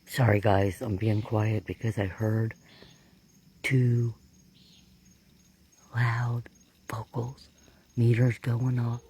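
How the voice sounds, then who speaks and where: A man researching bigfoot, talking casually and excitably to the camera outdoors in the woods at night. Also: mid-range voice, slow, pauses often, a little hiss or hum. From Florida. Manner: talkative, hushed and excitable. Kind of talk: casual field narration to camera.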